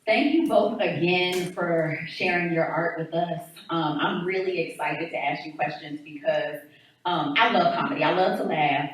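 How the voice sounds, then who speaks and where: A woman's voice: low voice, moderate pace. Grateful woman moderator in an echoey hall. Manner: warm, grateful, chatty. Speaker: panel moderator. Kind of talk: event hosting. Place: event hall on campus. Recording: echoey hall, distant mic, background noise.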